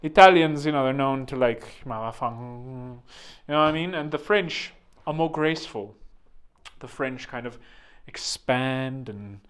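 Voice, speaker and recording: A man's voice: a little high, a little slow, clear, resonant tone. A man hosting a vlog with rambling comedic commentary, joking and digressing, full of fillers. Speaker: vlog host.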